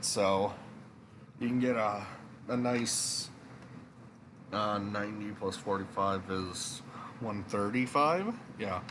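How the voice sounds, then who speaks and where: A man's voice: lowish voice, background noise. A young man giving casual, rambling commentary while playing a video game. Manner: rambling, self-deprecating. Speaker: let's play host.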